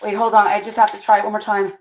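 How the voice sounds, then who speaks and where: A woman hosting her own cooking vlog, chatting casually with viewers, excitable and always exclaiming and laughing. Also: mid-range voice, racing, a little hiss or hum. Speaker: cooking vlogger and channel host.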